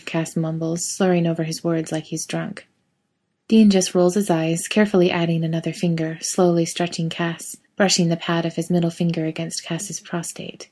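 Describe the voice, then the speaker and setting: A woman narrating a fan fiction story in a steady, intimate reading voice. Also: fairly low pitch, moderate pace, husky.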